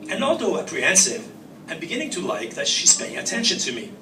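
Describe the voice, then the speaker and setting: Male author reading aloud, wry, bright tone, roomy room, distant mic. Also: a little high, wildly swooping pitch, a little fast, a little hiss or hum. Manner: wry, reflective, first-person narration. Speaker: author reading his fiction. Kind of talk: live literary reading. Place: reading venue.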